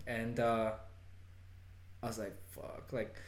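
A man's voice: fairly high pitch, normal speed, darkish tone, roomy sound. A young man telling a rambling story in casual chat, filling his talk with "like" and laughing often.

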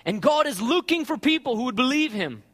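A man delivers a sermon in a high, lively voice that swoops up and down. He keeps it conversational, tossing in "right?" to the listeners. His voice rings out with a long reverb, as in a big hall. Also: fairly quick, slightly rough. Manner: animated, conversational, asks "right?" often. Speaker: preacher.

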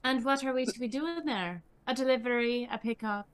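A woman's voice: on the high side, brisk, clear, resonant tone, natural voice. A woman voicing a vain, foppish male space captain who talks in a pompous, theatrical way.

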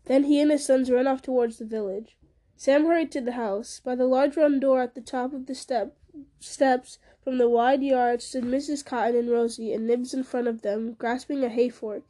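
A woman reads a storybook narration, her voice high but mellow and soft-edged. The delivery is brisk and even, moving steadily through the scene. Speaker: audiobook narrator.

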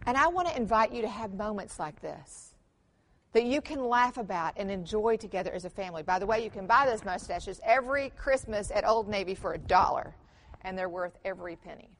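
A middle-aged woman giving a conference workshop talk, telling family stories with humor and lively emphasis. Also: medium pitch, brisk. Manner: animated storytelling with humor, mixes in quoted voices. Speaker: conference speaker.

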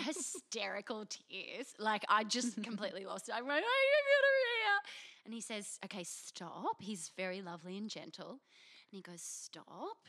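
A woman's voice: medium pitch, pushed and bright. A young Australian woman telling a frank, self-mocking story as a podcast co-host. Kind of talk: candid storytelling chat.

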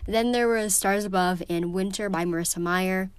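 A woman's voice: medium pitch, fairly even intonation, moderate pace, clean tone. A teenage girl talks casually to camera about books, gushing and emotional, her speech full of ums and likes. Her voice sits in a middling range, and the recording is dry and close with no room echo. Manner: gushing and emotional, many fillers. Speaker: book vlogger. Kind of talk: casual vlog chat.

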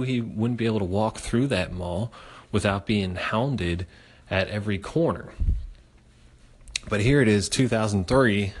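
A man in his forties from the Philadelphia area tells a story from his own life, loose and casual. His voice sits a little low, and he swears freely with plenty of "uh" and "I mean" as he goes. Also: husky. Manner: animated and profane, with frequent fillers.

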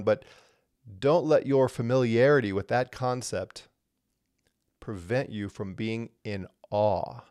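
A man teaching a livestreamed Bible lesson in a conversational, animated way, with frequent fillers and emphatic stresses. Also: mid-range voice, dry recording, studio quality.

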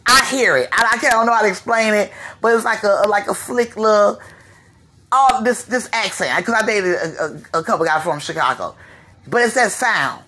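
A woman from Florida hosting her own podcast, giving a slangy, animated commentary rant and slipping into mimicry of others. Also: fairly high pitch. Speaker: podcast host. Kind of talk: ranting commentary monologue.

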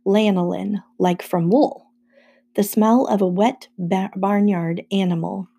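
A woman narrating a first-person audiobook chapter in a steady storytelling manner. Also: medium pitch, slow, gravelly, slightly rough.

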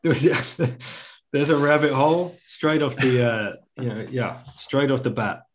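A man's voice: medium pitch, slow pace. An English man hosting a podcast, joking and rambling with plenty of restarts. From England. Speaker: podcast host.

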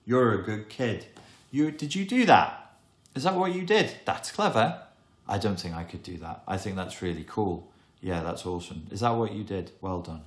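A man's voice: deep voice, animated, moderate pace. A man voicing a kind, encouraging parent who reassures a child with coaxing questions. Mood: soothing. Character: gentle reassuring good parent talking to a child. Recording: echoey room.

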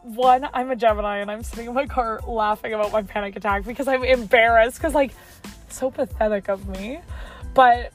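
A woman's voice: on the high side, fairly even intonation, faint music behind. A young woman in her car telling a story to her phone in a chatty vlog, with lots of "like". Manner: chatty, fast, heavy use of "like". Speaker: vlogger.

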